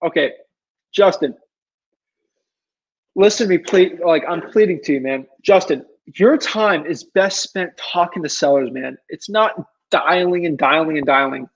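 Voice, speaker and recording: Pleading man with a slightly high voice. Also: measured pace, slightly rough, lo-fi sound. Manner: rambling, pleading, with many fillers and restarts. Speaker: livestream Q&A host. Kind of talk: casual livestream advice.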